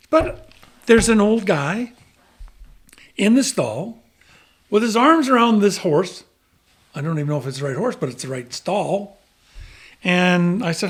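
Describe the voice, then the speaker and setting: A man's voice: high-pitched, expressive, moderate pace, pauses often, slightly rough. A man telling a long story in a casual chat, acting out the voices of the people he quotes and chuckling as he goes. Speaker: guest.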